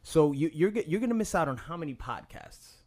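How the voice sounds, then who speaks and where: Stammering young podcast host. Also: male voice, on the high side, lively intonation, a little mellow. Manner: halting, stammering, teasing. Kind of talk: casual chat.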